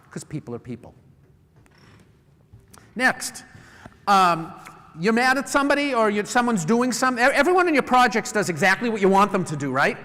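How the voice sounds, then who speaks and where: Middle-aged male speaker from New England, pitched high, lively and anecdotal, live in a big echoing hall. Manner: lively storyteller who acts out customer calls. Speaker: conference speaker. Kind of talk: live presentation to an audience. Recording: long hall reverb.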